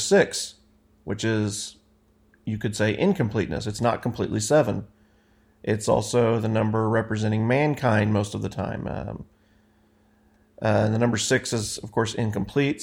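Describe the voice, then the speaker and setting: Man teaching a casual Bible study. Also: on the low side. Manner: conversational, self-correcting, explains as he reads.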